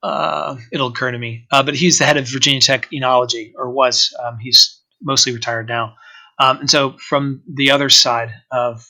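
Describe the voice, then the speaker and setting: Guy with a bright sharp voice, rambly interview chat, lots of uh and um. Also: medium pitch, steady tone, moderate pace, poor audio. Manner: hesitant, lots of fillers and restarts. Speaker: organic winery owner, guest. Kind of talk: casual interview talk.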